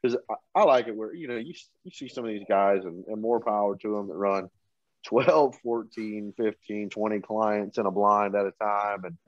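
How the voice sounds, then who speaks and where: A man with a low voice talks shop about guiding hunts, relaxed and plain-spoken, stopping often on fillers. The recording is dry and a little dull, like a close podcast mic in a small room. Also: moderate pace, no room sound. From Kansas. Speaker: outfitter and hunting guide. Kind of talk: casual podcast chat.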